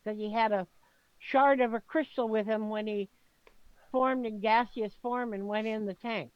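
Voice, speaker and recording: A woman's voice: fairly high pitch, fairly even intonation, a little slow, dry recording. Woman player on a dull, dry mic. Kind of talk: casual tabletop game chat.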